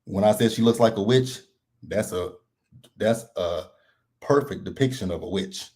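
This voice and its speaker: A man's voice: fairly low pitch, moderate pace. A man hosting a live reality TV recap, talking casually and bluntly and laughing a lot. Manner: blunt, animated and laughing often.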